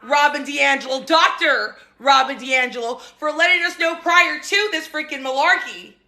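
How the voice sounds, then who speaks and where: A woman in her thirties hosts her own talk show with a very high, bright voice. She talks in an animated, sassy way, laughing and exclaiming often as she gives casual political commentary. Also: moderate pace. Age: 30s. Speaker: host.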